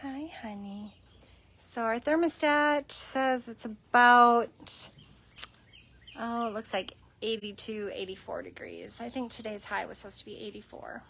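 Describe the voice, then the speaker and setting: A woman chatting casually on a livestream from a cat shelter room, cooing softly at the cats as she films on her phone. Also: a little high, steady tone, a little slow, creaky.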